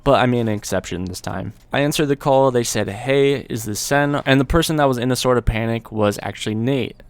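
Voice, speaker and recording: A man's voice: mid-range voice, quick pace, smooth, dry recording. A young adult man telling a story from his own life in a casual, laid-back way, with slang and the odd swear word.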